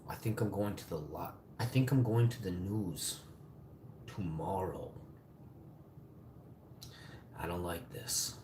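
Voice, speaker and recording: A forty-year-old man rants on a live stream in a low voice, swearing and bitter. An echoey room rings around him, with a faint hum of ambience behind. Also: takes it slowly, pauses often. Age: 40s. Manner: profane, bitter, ranting. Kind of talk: angry live-stream rant.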